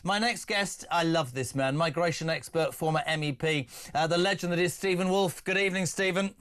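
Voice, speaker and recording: A middle-aged Englishman hosting a radio phone-in, animated and emphatic with jokey asides. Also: fairly high pitch, brisk. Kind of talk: opinionated talk radio. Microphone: studio microphone.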